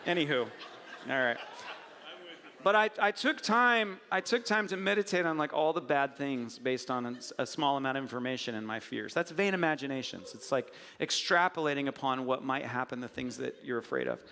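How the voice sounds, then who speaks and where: A middle-aged man preaching a conversational sermon as a pastor, animated and joking as he tells stories with acted asides. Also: mid-range voice, normal speed. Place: church sanctuary. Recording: church hall reverb.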